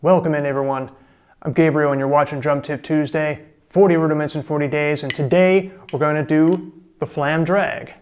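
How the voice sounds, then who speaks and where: Man, drum teacher, calm step-by-step coaching, slightly high pitch, noisy studio sound. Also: moderate pace. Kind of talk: instructional video lesson.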